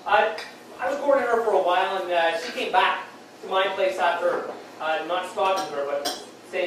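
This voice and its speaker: A man's voice: high-pitched, crowd noise. Rambling male stand-up comic in an echoey hall. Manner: rambling, halting delivery with many restarts and fillers. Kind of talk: stand-up storytelling. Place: beer hall comedy stage. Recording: very echoey hall, distant mic, faint noise.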